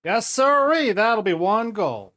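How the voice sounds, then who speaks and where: A man voicing a gruff, folksy Southern tobacco shopkeeper with a Southern accent and salesman patter, in a tabletop role-play game. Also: high-pitched, big pitch swings, slow, a bit bright, pitched above the performer's own voice, heavily acted. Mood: cheerful.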